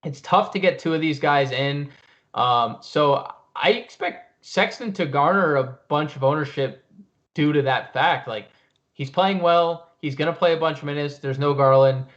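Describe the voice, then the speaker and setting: A man talking fantasy basketball picks in a casual live-stream chat, filling pauses with ums and you-knows. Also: a little high, a bit bright, lo-fi sound. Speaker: fantasy sports analyst.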